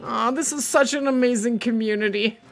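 A woman's voice: a little high, fairly quick, soft background music. A woman hosting a live game stream, chatting casually as she plays and gushing over viewers. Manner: chatty, thinks aloud, gushes with excitement. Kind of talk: casual live gameplay commentary.

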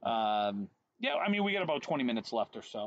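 A man's voice: mid-range voice, very animated, fast. Wry man in his forties, dull lo-fi sound. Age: 40s. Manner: wry, teasing. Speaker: podcast co-host. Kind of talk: casual chat. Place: outdoor home deck.

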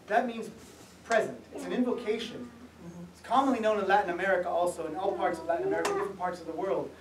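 Man, middle-aged, relaxed public talk, joking, roomy echo, faint room hiss. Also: high voice, fairly quick. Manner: conversational, self-deprecating humor, frequent restarts. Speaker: author giving a museum talk. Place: museum event room. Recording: echoey room, mic at a distance.

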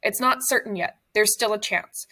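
A woman reading a memoir aloud, voicing an exhausted, breathless older father who speaks in a hurried, urgent way. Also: medium pitch, pushed and bright.

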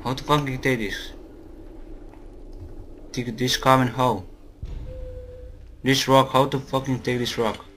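Slow-talking man narrating a game. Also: mid-range voice, flat delivery, fairly bright tone. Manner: jumpy, swearing, talking to his teddy. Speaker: gaming video host. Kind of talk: let's play commentary.

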